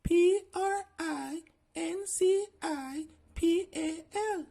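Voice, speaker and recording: A performer voicing a strict female schoolteacher with a Jamaican accent in a cartoon, shrill and scolding. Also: extremely slow, vocal fry, dark tone, heavily acted. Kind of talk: animated cartoon voice acting.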